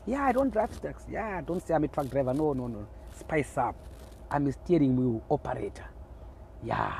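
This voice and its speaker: A man's voice: fairly high pitch, sing-song, a little fast, darkish tone, slightly rough. A middle-aged man from Zimbabwe with a Zimbabwean accent, hosting a live stream in teasing, rambling chat, greeting viewers by name and talking into his phone.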